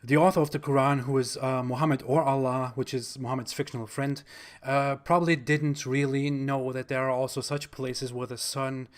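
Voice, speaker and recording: A man's voice: medium pitch, fairly even intonation. Blunt man with a German accent. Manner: blunt and mocking, with pauses and fillers. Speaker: video host. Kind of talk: opinionated video monologue.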